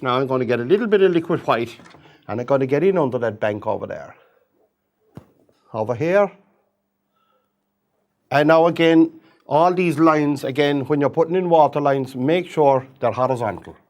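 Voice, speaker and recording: Gentle, chatty man teaching painting. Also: fairly high pitch, lively intonation, moderate pace, pauses often. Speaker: painting instructor. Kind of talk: painting demonstration.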